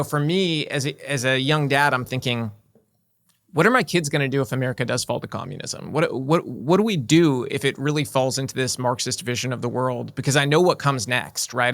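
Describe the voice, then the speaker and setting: A man's voice: medium pitch, a bit bright. A man in his forties, a guest in an interview, talking earnestly with frequent "right?" and "you know" asides. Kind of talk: casual interview talk.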